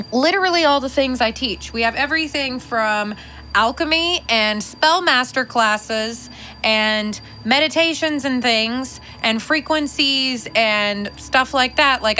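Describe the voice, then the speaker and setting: A woman's voice: fairly high pitch, sharp tone, a little hiss or hum, low-quality recording. A woman in her thirties hosting a podcast from home, talking casually in a chatty, profane, filler-heavy way. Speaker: podcast host. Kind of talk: casual monologue.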